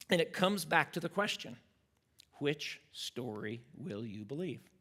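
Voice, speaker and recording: A man's voice: fairly high pitch, animated, a little slow, fairly bright tone. A pastor teaching a church class, earnest and reflective as he retells a story and draws lessons from it.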